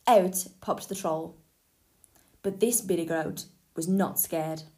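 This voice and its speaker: A woman teacher reading a children's story aloud, clear and lively. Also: lowish voice, takes it slowly, roomy sound.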